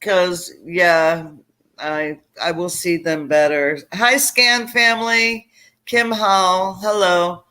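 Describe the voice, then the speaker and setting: A woman's voice: on the low side, fairly even intonation, takes it slowly, pushed and bright. A woman hosting a casual livestream chat, chatty and reading out viewer comments. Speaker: host.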